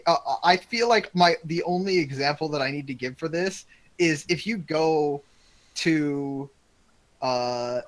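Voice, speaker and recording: A man on a voice call, rambling and hesitating as he shares an opinion. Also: fairly high pitch. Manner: rambling, hesitant, many fillers. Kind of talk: casual chat.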